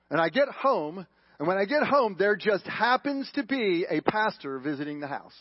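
High-voiced preacher with husky sound. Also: male voice, very animated, moderate pace, dry recording. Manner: emphatic, swinging from loud questions to hushed lines. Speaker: pastor. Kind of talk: sermon. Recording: dull lo-fi broadcast audio.

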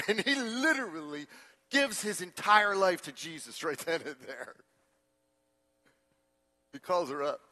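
A middle-aged man preaching a sermon as pastor, telling a story and acting out its voices, sometimes dropping to a hushed tone for emphasis. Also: sits high, lively intonation, unhurried, long pauses.

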